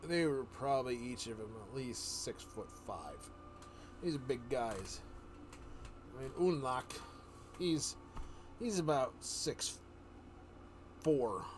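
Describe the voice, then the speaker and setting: A man of ordinary middle pitch tells a story in a relaxed, wandering way, correcting himself as he goes. He drops into quick character voices along the way. A faint hiss sits under his voice. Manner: rambling, loose, self-correcting. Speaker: livestream storyteller. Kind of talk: casual storytelling chat.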